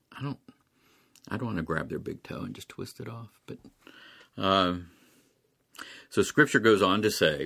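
A man's voice: sits low, creaky, a bit bright. A man preaching a sermon in a conversational, reflective way, chuckling lightly now and then as he explains Scripture. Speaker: pastor.

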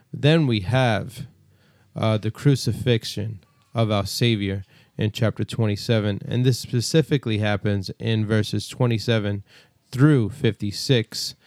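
A man's voice: on the low side, a little mellow, no room sound, clean studio sound. Laid-back man guiding a Bible podcast. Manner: walks through chapters and verses in an easygoing way. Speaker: podcast co-host. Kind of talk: casual Bible study podcast.

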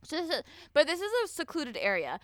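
Bright-voiced woman telling true crime. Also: high voice, very animated, fast, no room sound, clean studio sound. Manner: blunt and profane, with many fillers. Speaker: podcast co-host telling a true-crime story. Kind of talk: casual true-crime podcast chat.

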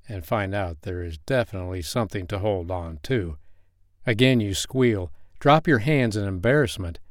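A man narrating a second-person erotic story in a calm, steady way. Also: lowish voice, no echo, clean studio sound.

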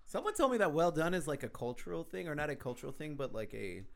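A man co-hosting a podcast, telling stories in an animated, casual way and laughing often. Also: a little high, fast talker, creaky. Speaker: podcast co-host. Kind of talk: casual chat.

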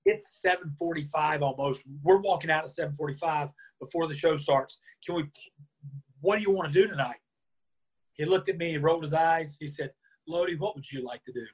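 A man being interviewed, telling a lively anecdote and acting out the lines of the people in it. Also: a little high, a little fast, husky. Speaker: interview guest. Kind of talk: storytelling in a conversation.

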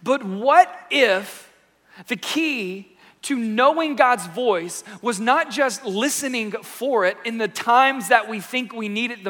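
A man in his thirties preaching a sermon in a lively, playful, conversational way. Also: very high voice. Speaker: pastor. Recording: echoey church hall.

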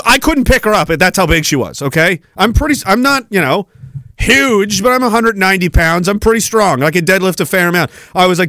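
High-voiced ranting male podcaster. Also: pushed and bright, dry recording. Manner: crude, profane, mocking. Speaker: podcast host. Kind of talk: ranting commentary.

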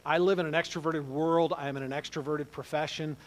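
Pastor guy telling a story in his sermon, chatty, goes quiet then gets loud. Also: fairly high pitch, fairly quick, rough recording. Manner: conversational, animated, swings from quiet asides to loud exclaims.

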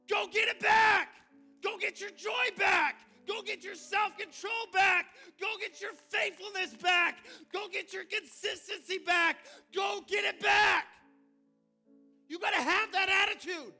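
A man's voice: very high-pitched, steady tone, measured pace, gravelly, bright, forceful tone, shouting, soft background music. A man preaching a fiery sermon in a church. He repeats his calls again and again and rouses the congregation. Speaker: pastor. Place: church sanctuary.

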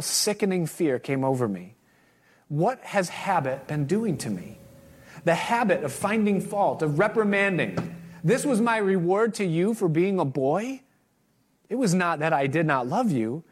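A middle-aged man preaching a sermon and reading a piece aloud in an earnest way. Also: sits high. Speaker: pastor. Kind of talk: sermon with a read-aloud excerpt.

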